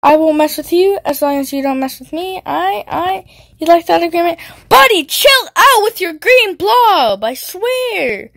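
A woman's voice: very high voice, lively intonation, measured pace, vocal fry, a bit bright. A woman giving goofy, teasing gameplay commentary, yelping and squealing when she gets hit. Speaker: gaming video creator.

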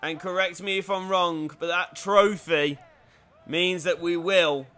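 A young man commentating his own football video game, muttering play-by-play then bursting into loud shouts and cheeky banter. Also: high-pitched, steady tone, unhurried. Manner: swings from quiet mutters to shouting, swears, banters. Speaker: gaming YouTuber.

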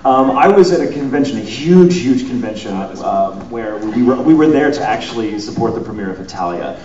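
A man speaking as a voice actor on a convention panel, telling stories with animated, laughing delivery. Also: medium pitch, a little fast, lo-fi sound. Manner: animated storyteller, laughs often. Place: hotel convention panel room. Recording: echoey hall, distant, noisy.

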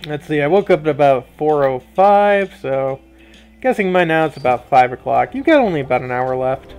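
A man reading a game's dialogue aloud in a let's play, voicing the characters, his pitch jumping high on questions. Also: animated, moderate pace, a little mellow. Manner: switches between many character voices, often jumping high for questions.

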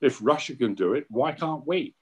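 A British man gives his views in an online book launch discussion. His voice sits at an ordinary pitch, and his points come out firm and opinionated. He breaks them up with frequent fillers and restarts. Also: expressive, moderate pace, husky. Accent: British English. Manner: opinionated, hesitant with many fillers. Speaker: essay contributor at book launch.

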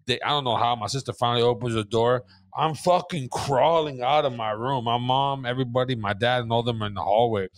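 A man co-hosting a podcast, telling a story in a casual, animated way and swearing freely. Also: mid-range voice, no echo, clean studio sound. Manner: animated, swearing, shouts when acting out scenes. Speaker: podcast co-host.

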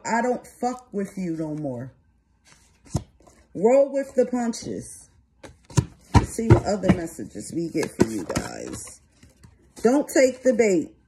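A woman's voice: a little high, noisy background. Blunt, streetwise woman tarot reader. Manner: blunt, streetwise, swears freely. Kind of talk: tarot reading and card commentary.

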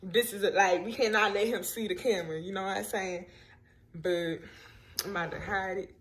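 Young woman vlog host; animated, slangy, teasing delivery straight to camera. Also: mid-range voice, normal speed, slight background noise. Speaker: vlogger host. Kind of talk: casual chat to camera.

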